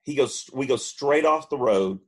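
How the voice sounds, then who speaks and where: A man, co-hosting a podcast and telling a long funny story, now and then mimicking friends in high voices. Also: unhurried. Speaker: podcast co-host. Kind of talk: casual storytelling.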